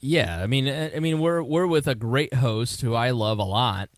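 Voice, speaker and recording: A man's voice: mid-range voice, normal speed, dry recording, studio quality. A man co-hosting a casual political podcast, earnest and prone to stammered restarts. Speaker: podcast co-host.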